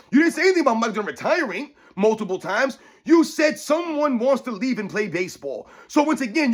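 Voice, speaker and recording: A man rants about sports straight to his viewers, blunt and mocking, hammering the same points again and again. His voice sits very high for a man. He talks at a quick, pushing clip. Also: a bit bright. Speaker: sports commentary vlogger. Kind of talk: heated opinion rant to camera.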